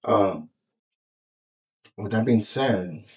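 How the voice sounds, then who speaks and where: A man's voice: on the low side, animated, extremely slow, a little mellow, slightly rough, low-quality recording. A man co-hosting a podcast in casual chat, rambling with lots of fillers and restarts and swearing freely. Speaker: podcast co-host.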